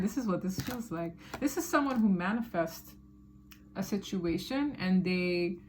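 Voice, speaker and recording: A woman's voice: medium pitch, slight background noise. A woman giving a casual tarot reading to her viewers, chatty and emphatic, with slangy asides. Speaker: tarot reader.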